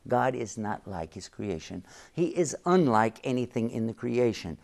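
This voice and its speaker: A man speaks as a guest sheikh, teaching his faith with real conviction. He presses his points and circles back to repeat key phrases, in a voice of middling pitch. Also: expressive, normal speed, creaky, a little mellow. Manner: earnest, emphatic preaching, often repeating key phrases. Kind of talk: religious teaching in an interview.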